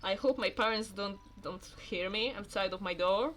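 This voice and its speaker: A woman's voice: medium pitch, moderate pace, a bit bright, slight background noise. A young woman streaming a game, giggly, apologetic and playful in casual chat.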